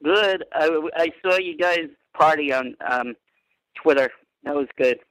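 A man calling into a radio show, chatting in a friendly, halting way. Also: fairly high pitch, fairly bright tone, clean tone, no room sound, low-quality recording. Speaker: caller. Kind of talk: casual phone-in chat.

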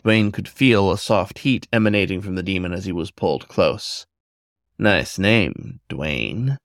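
Low-voiced man reading a story. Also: normal speed, no echo, studio quality. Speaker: narrator.

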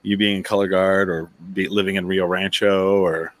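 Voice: low voice, flat delivery, normal speed, dry recording. A co-host in a casual chat, riffing jokes and mock quotes. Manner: jokey, riffs with silly quoted voices.

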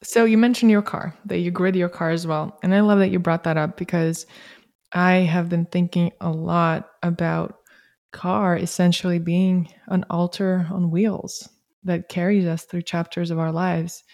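A woman hosting a casual conversation, talking in a reflective, spiritual, unhurried way. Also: lowish voice, steady tone, gravelly, a little mellow.

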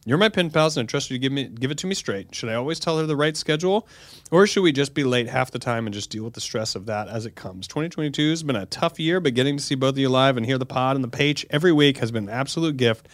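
A man's voice: medium pitch, expressive, fast talker, no echo. A man co-hosting a comedic advice podcast, reading a listener's letter aloud and then joking animatedly with his co-host.

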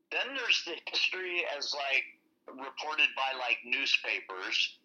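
Bright-voiced man on a dull remote line. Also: medium pitch. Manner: rambling, loose storytelling with many fillers. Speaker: podcast guest. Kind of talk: casual interview chat.

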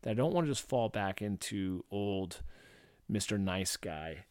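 A man's voice: on the low side, animated, unhurried, clear, resonant tone, no room sound, clean studio sound. A man from St. Louis hosting a casual solo podcast, talking loosely with many fillers and acting out quotes. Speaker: podcast host.

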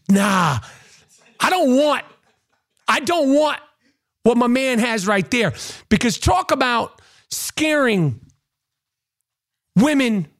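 A man's voice: very high-pitched, fairly bright tone. A man and podcast host ranting to camera, crude and mocking, often repeating himself. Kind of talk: profane ranting monologue to camera.

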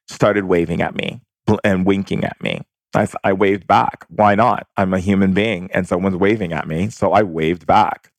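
A man's voice: on the low side, no room sound. A man speaking frankly in a casual advice monologue, telling personal stories and acting out quoted exchanges. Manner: frank and direct, acts out quoted dialogue.

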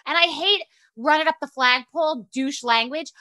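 A woman hosting a show, talking in a casual, animated, profane rant that mocks herself. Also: high voice, moderate pace. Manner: animated, profane, self-mocking. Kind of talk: casual ranty monologue.

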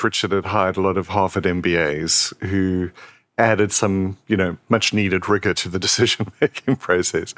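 A middle-aged South African man, a company founder appearing as an interview guest, tells wry anecdotes and acts out the dialogue in conversational storytelling. His voice is low-pitched with a fairly bright tone.

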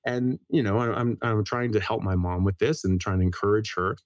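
Fast-talking middle-aged man, low voice. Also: dry recording. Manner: rapid, repeats words and restarts phrases; lively storyteller. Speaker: guest, medical doctor. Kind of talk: casual interview talk.

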